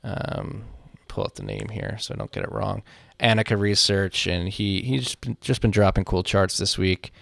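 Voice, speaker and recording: A man from Philadelphia co-hosting a podcast, talking through the news in a relaxed, rambling way and swearing casually over a remote call. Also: lowish voice, normal speed, vocal fry, hardly any pauses, no room sound. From Philadelphia, USA. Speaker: podcast co-host.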